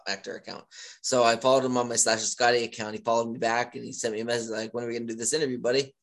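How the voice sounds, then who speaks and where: A man in casual chat as podcast host, rambling with many filler pauses. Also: mid-range voice, flat delivery.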